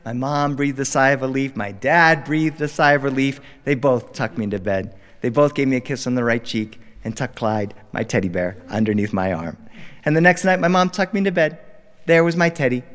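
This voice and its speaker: A man telling a story to a live studio audience, animated and bilingual, with asides to the crowd. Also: mid-range voice, brisk. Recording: long reverb, live studio.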